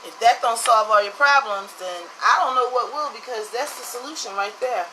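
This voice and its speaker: Woman from the US, casual monologue, blunt and swearing, tense bright tone, light background hiss. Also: on the high side, normal speed, low-quality recording. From United States. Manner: blunt, profane, emphatic.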